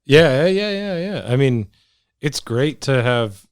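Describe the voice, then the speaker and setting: A comic book artist in a casual interview, talking in a relaxed and agreeable way. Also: male voice, medium pitch, measured pace. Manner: relaxed, agreeable, many fillers.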